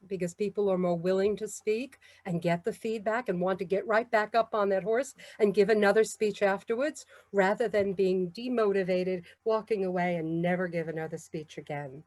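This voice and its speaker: A woman with a New York accent giving a measured, encouraging talk on public speaking. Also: mid-range voice, fairly even intonation, a little mellow, no room sound. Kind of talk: instructional talk.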